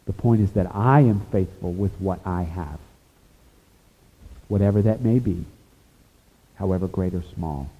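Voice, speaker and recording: A pastor preaching a sermon, earnest, rising to emphatic points and dropping to a hushed, confessional tone. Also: male voice, low voice, unhurried, pauses often, husky. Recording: echoey hall over a tinny phone-like line.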